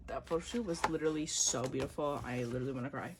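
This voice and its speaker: A young woman doing a casual unboxing vlog, gushing and excitable, with gasps and slang. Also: extremely low pitch, slow, long pauses, slight background noise. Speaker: vlogger.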